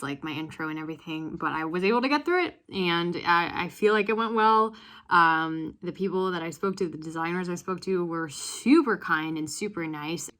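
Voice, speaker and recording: A young woman talking casually to camera in a vlog, chatty and a little nervous, with many fillers. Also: lowish voice. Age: young adult. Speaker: vlogger.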